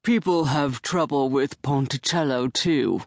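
A woman voicing a formal, weary older widower in an audiobook, speaking in a measured, clipped way. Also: rumbling low, darkish tone, no room sound, clean studio sound, exaggerated voice. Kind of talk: audiobook character voice. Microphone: close studio mic.

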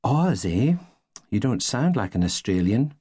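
A man's voice: medium pitch, sing-song, unhurried, warm tone, husky, no echo. A man voicing a cheeky, unflappable young woman, teasing and amused, in an audiobook.

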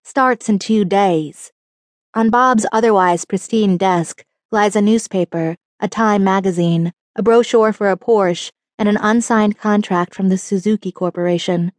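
A woman narrating a short story audiobook in an even, descriptive storytelling manner. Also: medium pitch, normal speed, hardly any pauses, no echo, clean studio sound. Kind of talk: scripted narration.

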